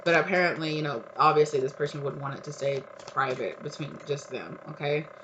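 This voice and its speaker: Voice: medium pitch, a little fast. Casual tarot reader, rambling and giggly, muffled home recording with light hiss.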